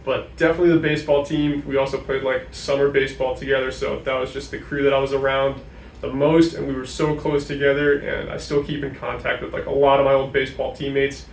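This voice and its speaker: A man's voice: mid-range voice, flat delivery, quick pace, creaky. A young man from New Hampshire, a guest talking casually in an interview and filling his sentences with "like". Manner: chatty, many "like" fillers. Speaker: guest, sports information director. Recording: echoey room, mic at a distance, faint noise.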